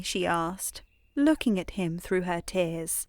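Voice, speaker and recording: Female storyteller reading a sleep story, slow and soothing, pitch moving gently, close dry sound. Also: animated, dry recording. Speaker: host and storyteller.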